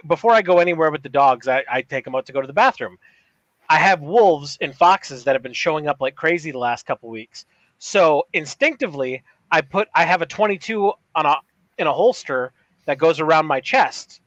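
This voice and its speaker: A man's voice: fairly high pitch, lively intonation, a little fast, a bit bright, no echo, lo-fi sound. A man in his forties, co-hosting a podcast, chatting casually and profanely, laughing often and slipping into accent impressions. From Upper Peninsula of Michigan. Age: 40s. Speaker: podcast co-host. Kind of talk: casual comedic banter.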